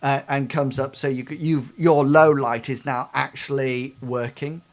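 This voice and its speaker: A man narrating as game master, describing scenes in a halting way with frequent restarts. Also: mid-range voice, fairly even intonation.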